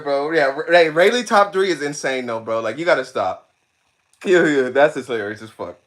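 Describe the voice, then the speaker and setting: A man with a fairly high voice talks at a moderate pace while livestreaming, reading comments and chatting casually with his chat. He's animated and slangy, repeats himself, and keeps breaking into laughter.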